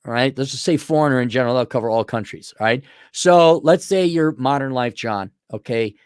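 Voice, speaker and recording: A man hosting an opinionated commentary monologue, rambling and animated, often slipping into mocking impressions. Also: mid-range voice, fairly quick, clean tone, no echo, clean studio sound. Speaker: host.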